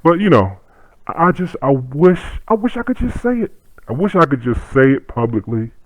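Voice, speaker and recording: A man's voice: fairly high pitch, sing-song, moderate pace, no echo, rough recording. Profane, rambling middle-aged man. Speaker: martial arts instructor. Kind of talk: casual monologue.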